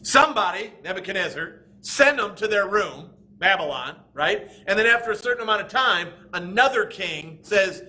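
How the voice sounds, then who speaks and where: High, bright-voiced male teacher. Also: moderate pace, hardly any pauses. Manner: animated, acts out quoted voices. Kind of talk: classroom Bible lesson. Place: church school classroom.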